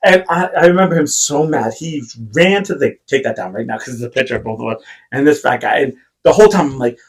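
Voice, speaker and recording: Animated, swearing man on a podcast. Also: a little high, fast, slightly rough. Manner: animated storyteller, swears, laughs, acts out quotes. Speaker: podcast co-host. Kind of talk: casual chat.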